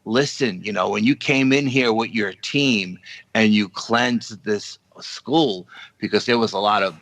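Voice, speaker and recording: A paranormal investigator, a guest on a podcast roundtable, tells a long dream story and acts out the other people's lines with animated energy. His voice is fairly low and unhurried. The recording is dry and rough.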